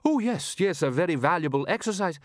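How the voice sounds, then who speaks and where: Guy reading as fussy old lord, higher pitched, startled and pompous, dry sound. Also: sing-song, a little slow, a bit bright, no room sound, full character voice. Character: older male guild head, pompous, flustered.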